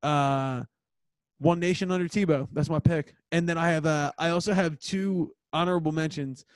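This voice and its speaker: Joking young man, slightly high voice. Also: steady tone, moderate pace, no room sound. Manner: joking, playful, mock-grand. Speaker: podcast co-host. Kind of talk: casual chat.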